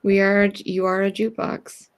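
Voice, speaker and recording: A woman's voice: mid-range voice, flat delivery, moderate pace, smooth. A woman guesting on a casual livestream, talking in a rambling way with lots of fillers. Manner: talkative, rambling, many fillers like "like". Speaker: guest co-host.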